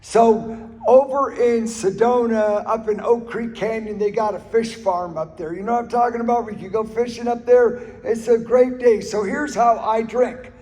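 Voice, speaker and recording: A man with an extremely high, mellow voice talks at a normal speed in a steady tone. He is earnestly sharing his recovery story, telling anecdotes and repeating phrases for emphasis, in a reverberant hall recording.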